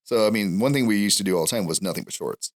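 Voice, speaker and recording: A man's voice: lowish voice, fast. A young adult man, a podcast guest, talking in a rambling casual way about his film school days. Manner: rambling, many fillers and restarts. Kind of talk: casual chat.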